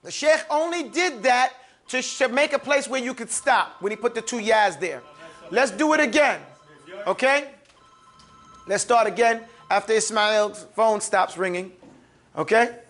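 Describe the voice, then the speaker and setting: A man's voice: very high voice, measured pace, fairly bright tone, soft background music. A man teaching Quran recitation, leading call-and-response drills of letters and correcting pronunciation.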